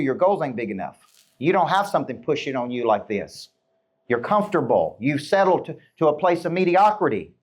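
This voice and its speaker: A middle-aged man, a business coach, giving a punchy motivational talk to a live audience and peppering them with rhetorical questions. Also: high voice.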